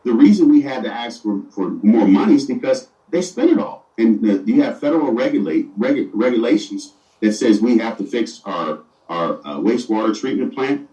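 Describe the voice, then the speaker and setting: A man's voice: medium pitch, expressive, normal speed, dark tone. A middle-aged man, a city mayor, answering interview questions earnestly and often stumbling over and repeating his words, recorded far from the mic in an echoey room.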